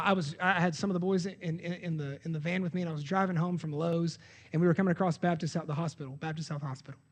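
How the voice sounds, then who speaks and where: A man, preaching a sermon as pastor in an earnest, conversational way with self-corrections. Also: sits high. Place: church sanctuary. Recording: long hall reverb of a church.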